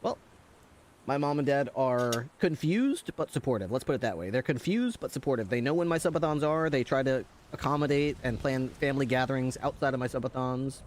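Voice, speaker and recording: A man's voice: medium pitch, brisk, a little hiss or hum. A man streaming full time, chatting candidly and self-deprecatingly with his audience, breaking into laughs. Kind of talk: casual stream chat.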